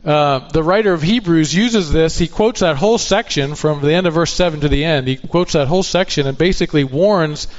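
Guy preaching a sermon, kinda high voice, dull lo-fi sound, asks lots of questions. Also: a little fast, few pauses. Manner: earnest preaching, rhetorical questions. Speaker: pastor.

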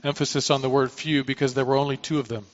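A man's voice: medium pitch, level tone, fast. Man preaching a sermon, dull lo-fi sound. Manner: reads scripture then explains with asides and restarts. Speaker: pastor.

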